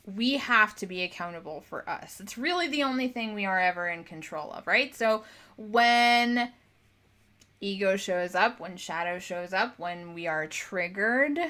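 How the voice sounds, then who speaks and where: A woman's voice: mid-range voice, bright, forceful tone. A young adult woman giving a casual motivational talk as a spiritual coach, blunt and swearing freely, acting out the voices she quotes.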